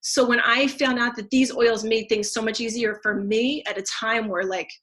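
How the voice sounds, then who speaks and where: A woman in her thirties, a teacher who sells essential oils, gives a casual, effusive testimonial about how selling them helped her. Her voice is on the high side, steady, fairly bright and moderately paced, with many fillers and restarts.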